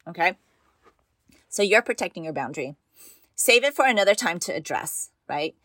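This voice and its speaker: An earnest woman with a somewhat low voice gives mothers advice in a casual talk. She encourages her listeners and keeps checking in with a "right?" She repeats her main points for emphasis, and the sound is dry with no room echo. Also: expressive, moderate pace, a bit bright. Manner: repeats key phrases for emphasis. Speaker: parenting podcast host for mothers.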